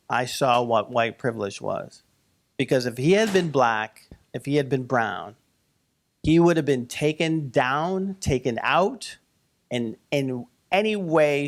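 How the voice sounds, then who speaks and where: A man, a cartoonist, telling a story to a live audience in a conversational, animated way full of fillers, now and then rising to heated emphasis. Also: a little high. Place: event hall.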